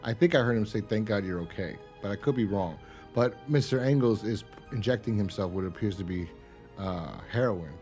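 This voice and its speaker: A man's voice: fairly low pitch, a little fast, a little mellow, soft background music. A man co-hosting a casual podcast, recapping a TV episode in a rambling, profane way and acting out lines in raised voices. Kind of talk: casual chat.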